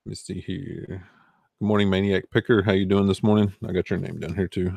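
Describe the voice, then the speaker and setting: A man's voice: low voice, flat delivery, a little fast, creaky, a little mellow, no echo. A man with a Southern US accent hosting a casual livestream, rambling and answering chat comments. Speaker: eBay reseller hosting a livestream.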